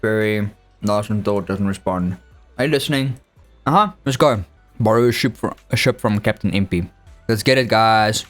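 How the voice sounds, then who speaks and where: A man's voice: fairly low pitch, normal speed, fairly bright tone, soft background music. A young man chatting casually over gameplay, rambling and joking and reading game lines aloud. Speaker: gaming YouTuber.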